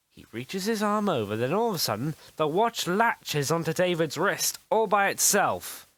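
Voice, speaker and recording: A storyteller narrating a homemade kids' superhero story, hurried with stumbling restarts. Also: female voice, low-pitched, sing-song, no room sound.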